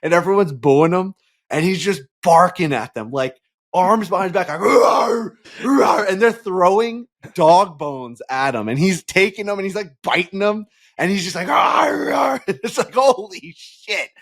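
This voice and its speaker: A young man co-hosting a podcast in casual chat, telling lively stories, swearing freely and acting out roars. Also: high-pitched, normal speed. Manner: animated storyteller, swears, acts out barking roars. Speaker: podcast co-host.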